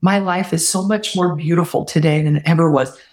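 A woman's voice: deep voice, fairly even intonation, a little fast. Earnest woman telling a heartfelt story. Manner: earnest, heartfelt retelling with quoted dialogue; warm spiritual reflection. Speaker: podcast guest. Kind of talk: personal storytelling interview.

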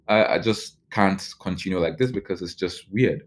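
Casual storytelling from a young Nigerian-accented journalist in an interview: loose, with lots of "like" and restarts. His fairly low voice keeps a fairly even intonation at a moderate pace with few pauses.

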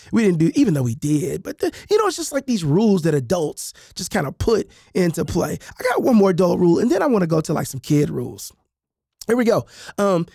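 A man reading his own book in an animated, conversational way, with repeated asides, acting out the voices of adults and kids. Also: high-pitched, no room sound, studio quality.

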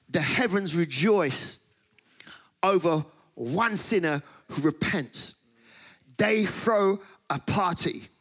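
Animated high-voiced preacher man. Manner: animated, laughs often, acts out voices in stories. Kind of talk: sermon with comic storytelling.

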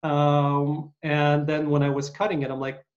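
A man's voice: on the high side, little pitch movement, a little slow. A man hosting an interview, telling stories in a rambling, hesitant way with many uhs. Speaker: podcast host. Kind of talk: casual interview chat. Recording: dull lo-fi sound.

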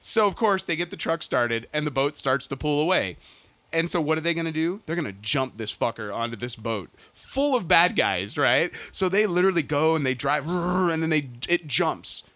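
A man in casual chat, retelling a film with animated, profane mockery and laughter. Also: fairly high pitch, moderate pace.

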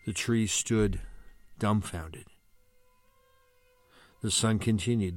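Low-voiced priest reading a story. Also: male voice, moderate pace, faint music behind.

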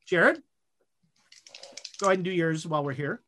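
A woman narrating as game master of a tabletop horror game, halting with fillers and restarts. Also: fairly low pitch, lively intonation, a bit bright, a little hiss or hum.

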